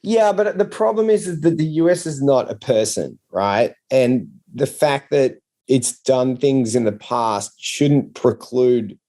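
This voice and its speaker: Australian comedian, debating steadily at a middle pitch. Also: male voice, expressive, measured pace, few pauses, warm tone. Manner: argumentative, explaining. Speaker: comedian guest. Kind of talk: casual chat.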